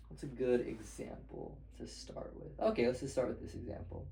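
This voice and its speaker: A young man explains math at a whiteboard in a casual, meandering way, stopping and restarting his sentences. His voice sits at a middling pitch. The room around him rings with noticeable echo. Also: wildly swooping pitch, normal speed, creaky, few pauses, mellow. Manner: loose and rambling, with many fillers and restarts. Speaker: math tutor. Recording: echoey room.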